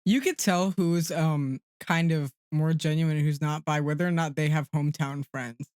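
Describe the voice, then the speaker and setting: A man's voice: fairly high pitch, fairly even intonation, normal speed, darkish tone, clean tone, no room sound. Earnest young man, dry sound. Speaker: podcast co-host. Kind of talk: casual chat.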